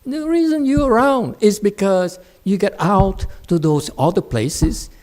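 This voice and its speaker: A man teaching meditation, blunt and scolding, who mocks his students' excuses and swings between loud outbursts and quiet muttering. English is not his first language. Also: sits high, animated, a little slow. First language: Chinese. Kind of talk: dharma talk answering students.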